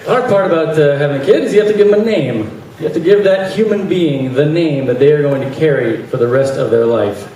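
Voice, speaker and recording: Deadpan stand-up comic in an echoey hall. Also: male voice, on the high side, a little fast, hardly any pauses. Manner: deadpan one-liners with animated acted-out voices. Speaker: stand-up comedian. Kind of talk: stand-up comedy set. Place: large venue with audience laughter. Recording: echoey live hall, distant mic, noisy.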